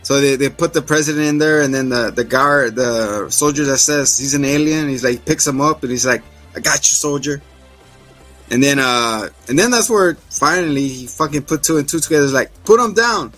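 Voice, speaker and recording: A man hosting a casual podcast recap, laughing often and acting out scenes in quick voices. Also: mid-range voice, fairly bright tone, faint music behind. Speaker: podcast host.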